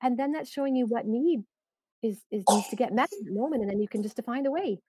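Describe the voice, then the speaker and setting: Soft-voiced woman coaching parents. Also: fairly high pitch, lively intonation, fast talker, breathy edge, no room sound. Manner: gentle, explanatory, many fillers and restarts. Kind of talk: podcast interview.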